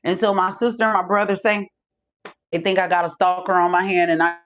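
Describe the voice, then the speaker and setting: A woman's voice: fairly low pitch, flat delivery, fairly quick, a bit bright. A middle-aged woman hosting a podcast, telling stories in a casual, profane style, acting out the other people's voices, from a room at home. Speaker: podcast host. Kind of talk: casual storytelling monologue.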